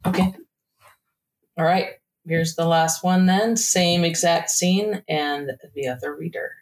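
A woman's voice: on the low side, slow pace, rough recording. A woman hosting a casual review chat, easygoing and agreeable. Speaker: podcast host.

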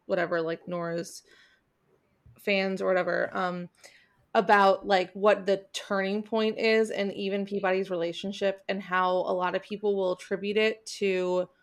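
Woman co-host, book podcast, opinionated, thoughtful, mid pitch. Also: little pitch movement, moderate pace. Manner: thoughtful, opinionated, many fillers. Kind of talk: casual book club chat.

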